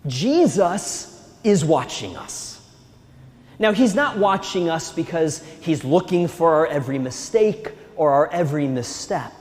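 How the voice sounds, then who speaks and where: A male priest giving a Sunday sermon in a church, speaking gently and reassuringly with a touch of humor. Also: on the high side, very animated, measured pace. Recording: echoey church hall.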